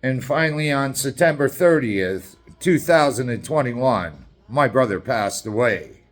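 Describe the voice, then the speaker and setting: A man's voice: medium pitch, animated, unhurried, soft background music. A middle-aged man from Canada, ranting in an angry, combative and sarcastic way as a political activist, swearing often.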